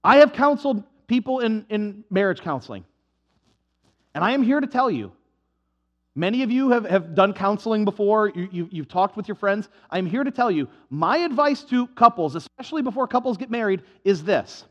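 A man preaching a sermon with a notably high voice that swings widely up and down. He talks animatedly and with humor, often acting out short conversations to make his point. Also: moderate pace, dull audio. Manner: animated, acts out dialogues with comic voices. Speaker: pastor.

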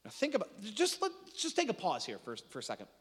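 Male pastor, high-pitched and animated, preaching in a reverberant church hall. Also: fast talker, breathy edge. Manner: conversational preaching with frequent restarts and rhetorical questions. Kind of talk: sermon.

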